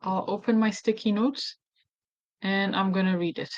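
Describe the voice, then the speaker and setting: A woman's voice: mid-range voice, steady tone, moderate pace, lo-fi sound. Woman with an Ethiopian accent, thinking aloud. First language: Amharic. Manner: thinking aloud, self-deprecating, easily flustered. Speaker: activist tutorial host. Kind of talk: casual screen-recorded tutorial.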